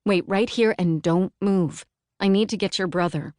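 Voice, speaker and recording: A woman's voice: medium pitch, moderate pace, a little mellow, no room sound, clean studio sound, natural voice. A woman voicing a harried young woman who soothes and chases after two small children. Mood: urgent. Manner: soothing, then urgent.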